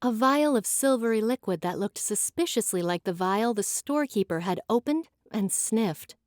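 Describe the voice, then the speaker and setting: A woman giving an expressive, dramatic scripted narration of a fantasy audiobook. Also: mid-range voice, moderate pace, dry recording, studio quality.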